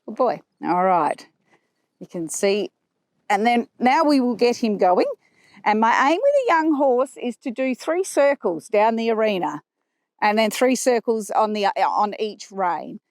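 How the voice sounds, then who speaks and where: A woman horse trainer explaining her riding aids as she rides, calm and explanatory, with soft praise for the horse in between. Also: a little high, a little slow, dry recording. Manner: talking while riding a horse. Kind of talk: instructional commentary while riding. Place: riding arena.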